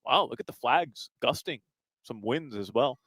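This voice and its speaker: A man reading sports headlines and weather on a live radio show from an arena, brisk, with fillers between items. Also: medium pitch, lively intonation, fairly bright tone, breathy edge, no room sound. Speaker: radio update reader. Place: live remote broadcast at an arena.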